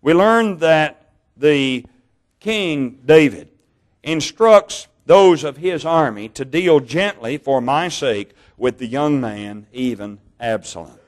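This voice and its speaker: A man preaching a sermon, reading Bible passages in a measured way, slowing down on key words and correcting his own slips. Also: a little high, animated. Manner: measured, slow over key words, stumbles on names and corrects himself.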